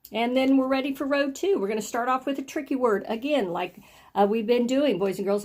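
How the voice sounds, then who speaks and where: A woman teaching young children phonics and handwriting, encouraging them and sounding out each word slowly. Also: a little high, darkish tone.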